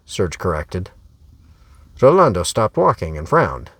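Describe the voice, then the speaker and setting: A man's voice: fairly low pitch, sing-song, slow pace, no echo. A man as an author reading his own serial novel aloud, narrating in a wry storytelling way. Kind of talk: audiobook narration.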